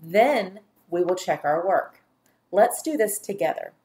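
A woman with a lowish, dark-toned voice and lively intonation teaches a phonics dictation lesson, speaking deliberately and sounding out every syllable for young learners.

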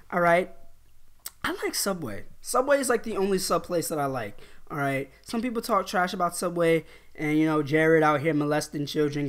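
A man's voice: fairly high pitch, fairly bright tone. A man from New York talking casually in a vlog, offhand and loose, tacking "all right?" onto his points. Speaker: YouTuber.

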